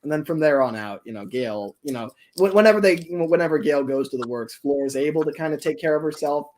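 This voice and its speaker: A streamer recounting a homemade story on a casual livestream. The delivery rambles, with many fillers and restarts. The voice is lively, moving widely in pitch. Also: fast talker.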